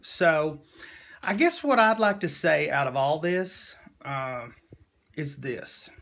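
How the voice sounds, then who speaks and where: A man's voice: fairly high pitch, lively intonation, slow pace, creaky, a bit bright. A man speaks in a slightly raised register, talking straight to his viewers. He sounds emotional and preachy as he delivers a heartfelt personal monologue, leaning on "y'all" as he goes. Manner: emotional, preachy, Southern-style "y'all" talk. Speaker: vlogger.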